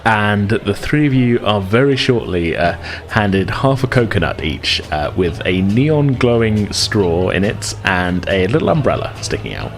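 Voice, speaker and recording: A man running a tabletop game as game master, relaxed and chuckling, with lots of fillers. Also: on the low side, measured pace, few pauses.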